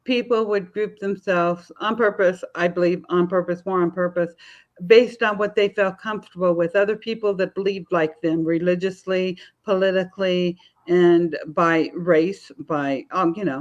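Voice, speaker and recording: A woman's voice: fairly low pitch, normal speed, muffled recording. Chatty, storytelling woman in her fifties. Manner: chatty storyteller, laughs often. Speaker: author guest. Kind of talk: casual podcast conversation.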